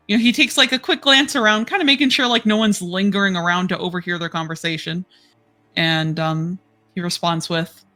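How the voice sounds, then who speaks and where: A woman acts as game master for a tabletop game, describing scenes in a relaxed manner with lots of fillers. Her voice is medium in pitch.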